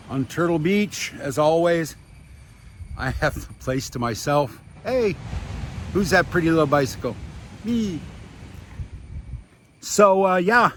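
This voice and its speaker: 60s guy rambling into his phone on a beach, bit breathless from biking, wry, lots of uhs, faint outdoor hiss. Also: fairly high pitch. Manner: wry, chatty, many fillers and restarts. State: slightly out of breath from cycling. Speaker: vlogger. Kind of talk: casual rambling monologue. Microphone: handheld phone at arm's length.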